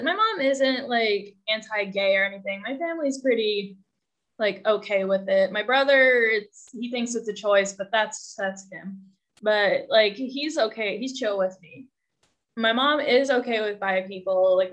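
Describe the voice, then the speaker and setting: A woman's voice: mid-range voice, fairly bright tone. A young woman telling a personal story as a guest, candid and rambling, with self-deprecating humor. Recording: dull lo-fi sound.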